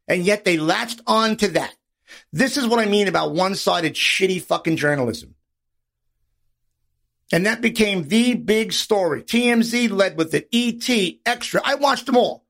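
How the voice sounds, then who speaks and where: Man, podcast host, casual monologue, swearing, animated storytelling, raspy fry. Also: sits high, moderate pace. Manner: animated storytelling, acts out quoted voices. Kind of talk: casual profanity-laced monologue.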